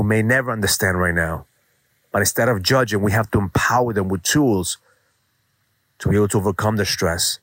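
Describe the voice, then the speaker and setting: A man's voice: on the low side, a bit bright, no room sound. A man in his forties hosting a daily motivational show, telling a personal story and urging listeners on in an earnest, emphatic way, with some swearing. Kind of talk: motivational monologue.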